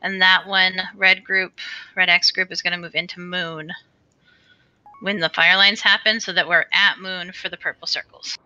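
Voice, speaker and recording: A woman leading a game raid over voice chat, calmly walking her group through tactics step by step. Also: fairly low pitch, no echo, lo-fi sound. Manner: brisk, explains tactics step by step. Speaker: raid leader. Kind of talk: casual voice chat while gaming.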